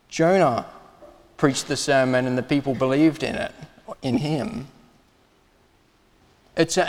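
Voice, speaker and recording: A man preaching a sermon in a church, earnest and emphatic, with pauses and restarts. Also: on the high side, long reverb tail. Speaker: pastor.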